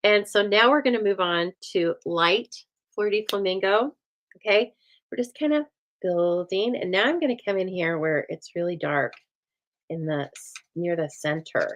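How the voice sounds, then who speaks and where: A woman hosting a stamping craft show, chatting casually and telling a lively story while she works, acting out the other people's lines as she goes. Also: medium pitch, normal speed, rough recording. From United States. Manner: chatty, animated storytelling with voiced quotes and laughs.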